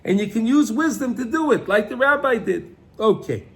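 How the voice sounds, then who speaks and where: A man's voice: very high voice, expressive, moderate pace. A man teaching a Torah class on the weekly portion in a conversational way, often repeating himself and asking "right?", with Hebrew and Yiddish terms mixed in.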